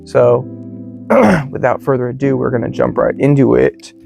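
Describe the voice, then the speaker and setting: An American man teaching English in a relaxed, slangy way, full of "you know" and "like". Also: mid-range voice, normal speed, creaky. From United States. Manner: laid-back, slangy, many fillers like "you know" and "like". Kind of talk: casual explanatory lesson. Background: faint guitar music.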